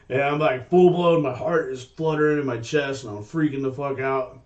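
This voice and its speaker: A man co-hosting a casual podcast, telling stories in an animated way and swearing freely. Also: mid-range voice, normal speed, recorded from a distance, lo-fi sound. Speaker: podcast co-host. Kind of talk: casual chat.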